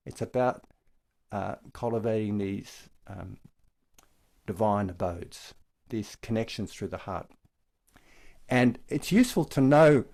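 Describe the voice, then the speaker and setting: An older man leads a dharma talk online, his voice sitting a little low. He explains each point gently and without hurry, the way a meditation teacher walks a group through an idea.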